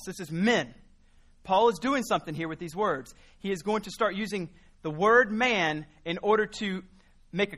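Guy preaching a sermon, kinda high bright voice, keeps hammering words over and over. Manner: earnest, builds emphasis through repetition.

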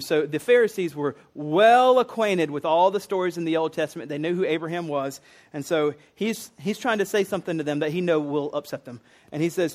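Male pastor, somewhat high voice, relaxed teaching sermon, folksy and explanatory. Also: a little fast. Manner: casual and explanatory, with fillers and restarts. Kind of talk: conversational sermon.

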